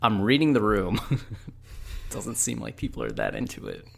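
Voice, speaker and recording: A man's voice: on the low side, wildly swooping pitch, measured pace, creaky. A man co-hosting a podcast in casual joking chat, sardonic and often laughing, trailing off with fillers. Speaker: podcast co-host.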